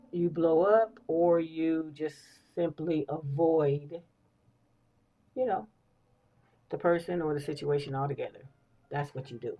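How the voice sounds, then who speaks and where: A woman's voice: sits low, highs cut off. A woman in her fifties talking casually while getting ready, telling stories animatedly and often repeating phrases and checking in with listeners. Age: 50s. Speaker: beauty vlogger. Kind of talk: casual get-ready-with-me talk.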